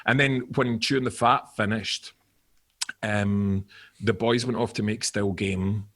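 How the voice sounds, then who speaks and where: A Scottish man in his forties, a guest actor on a podcast, telling animated stories and laughing often in casual chat. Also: fairly low pitch, unhurried.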